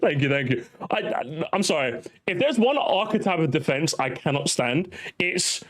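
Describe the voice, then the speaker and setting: Hardly pausing at a moderate pace, the young reaction commentary host rants, swears, mocks and laughs. His somewhat bright voice is on the high side and swings widely in pitch.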